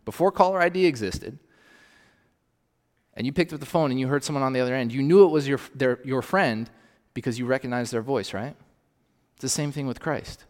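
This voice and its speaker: A man's voice: mid-range voice, brisk, in a large hall. A male pastor preaching in a conversational way, often checking in with his congregation. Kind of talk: sermon.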